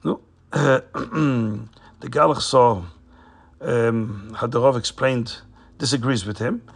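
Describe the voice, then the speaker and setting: A man retells a story informally, stopping now and then on fillers. His voice has a gravelly fry and a husky, raspy edge, at an ordinary pitch for a man. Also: takes it slowly.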